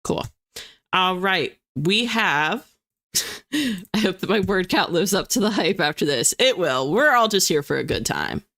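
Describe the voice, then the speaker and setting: A chatty young woman hosts a writing livestream and reads out her viewers' messages. Her voice is bright and clear, with a very lively melody that swoops up and down as she talks. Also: on the low side, unhurried. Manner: bubbly and chatty, reads chat aloud. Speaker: livestream host of writing sprints. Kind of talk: casual chat to live viewers.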